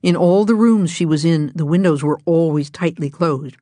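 Low-voiced woman reading a storybook. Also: normal speed, dark tone, no echo, clean studio sound. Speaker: narrator.

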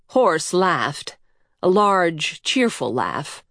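Woman narrator, calm storybook reading, slow, lower voice, dry close sound. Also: dry recording. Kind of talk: scripted narration.

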